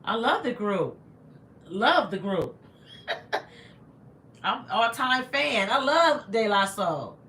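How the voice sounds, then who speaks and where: A woman's voice: on the high side, sing-song, extremely slow, pauses often, a bit bright, a little hiss or hum. A woman hosting a casual livestream, reading viewer comments and thanking them over and over, sounding a little congested. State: slightly congested. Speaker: livestream host. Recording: echoey room.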